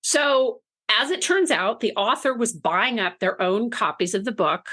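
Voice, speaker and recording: A woman telling an anecdote in casual podcast talk, chatty and animated, often laughing between phrases. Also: a little high, unhurried. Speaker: book marketing guest.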